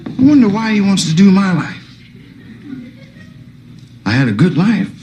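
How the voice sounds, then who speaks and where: A man's voice: sits high, sing-song, a little slow, mellow. A man in his thirties doing loose, conversational stand-up storytelling, tossing in "man" and "right?". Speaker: comedian. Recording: noisy old TV broadcast.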